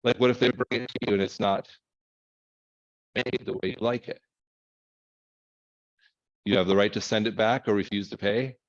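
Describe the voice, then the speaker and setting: A man with a fairly low voice talks through a recorded lecture in a relaxed, conversational way. He thinks aloud and fills pauses with "um" and "right". The recording sounds dull and muffled. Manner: conversational, thinking aloud with fillers and self-corrections. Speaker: instructor.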